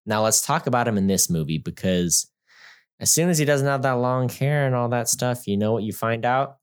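A man co-hosting a casual movie review podcast, jokey and animated, often laughing and dropping to low mutters. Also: normal speed, clean tone. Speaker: podcast co-host.

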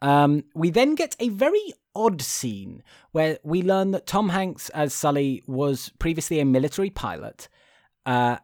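A man's voice: on the high side, very animated, unhurried, darkish tone, no room sound, clean studio sound. A man co-hosting a casual film chat, swearing freely and laughing as he talks. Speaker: podcast co-host.

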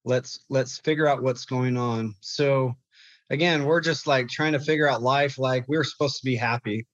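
A young man, a therapist, telling a painful personal story in an interview, halting and repeating words as he goes. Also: mid-range voice, steady tone, a bit bright, no room sound, highs cut off. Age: young adult. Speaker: guest, clinical therapist.

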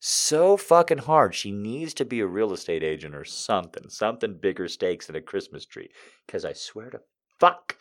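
A man's voice: fairly low pitch, expressive, normal speed. A man doing stand-up, telling a story with profanity and exasperation and acting out the people in it. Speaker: stand-up comedian.

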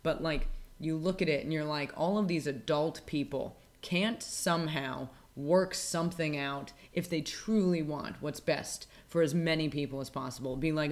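A woman's voice: sits low, moderate pace, hardly any pauses. A woman co-hosting a casual podcast chat, ranting with heavy profanity and sarcasm. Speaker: podcast co-host.

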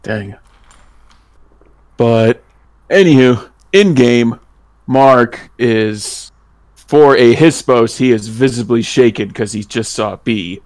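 A man's voice: mid-range voice, slow pace, long pauses, darkish tone, no echo. A man playing a tabletop game, talking casually and easily rattled. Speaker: player.

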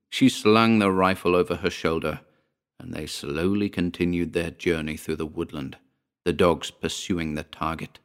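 A man reading a short story aloud in a measured, often hushed delivery. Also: sits low. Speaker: narrator. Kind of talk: scripted story narration.

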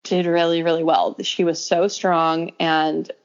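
A young adult woman telling a personal story in casual conversation, acting out quoted lines and laughing often. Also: a little slow. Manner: animated, acts out quoted lines with pitch jumps, laughs often. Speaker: podcast guest telling a birth story. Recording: dull lo-fi audio.

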